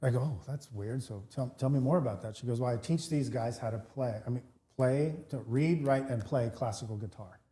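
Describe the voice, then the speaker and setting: A man's voice: mid-range voice, fairly quick. A man co-hosting a podcast, telling a story in casual chat and acting out both sides of the conversation, with lots of restarts. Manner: animated storyteller, many restarts, acts out both sides of dialogue. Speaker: podcast co-host, real estate broker.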